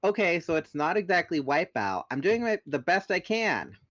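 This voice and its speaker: A man's voice: on the high side, sing-song, moderate pace, a bit bright, pitched above the performer's own voice. Cocky teen boy driver a guy playing him, raised voice, flippant. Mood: defensive. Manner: defensive and flippant. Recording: dull lo-fi dry recording.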